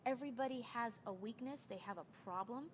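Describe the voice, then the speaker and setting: A woman's voice: a little high, a little fast, slight background noise. A woman in her forties chatting casually as a recruiter sharing sales tips, telling stories and acting out the dialogue she quotes. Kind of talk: casual chat.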